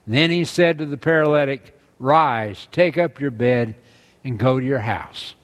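A man's voice: mid-range voice, measured pace. A man preaching a sermon, earnestly reading scripture aloud and driving his points home with emphasis.

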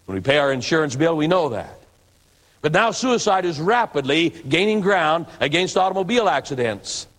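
A man preaches, telling a dramatic story and slipping into the voices of its characters. His voice sits a bit high for a man. A long reverb trails each phrase, as in a large hall. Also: lively intonation, normal speed, a bit bright. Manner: dramatic storyteller who acts out quoted voices. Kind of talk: sermon storytelling.

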